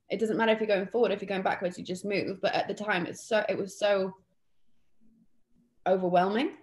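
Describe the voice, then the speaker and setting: Speaking fast with fairly even intonation, the young British woman keeps her mid-range voice casual as an interview guest. She chatters along, often restarting and leaning on fillers.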